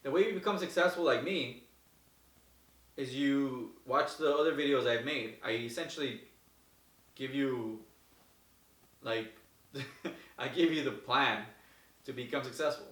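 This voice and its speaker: A man giving casual, energetic advice to viewers as host, repeating himself and acting out the people in his stories. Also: mid-range voice, a little slow, pauses often. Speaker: host answering viewer questions. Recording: echoey room, mic far off.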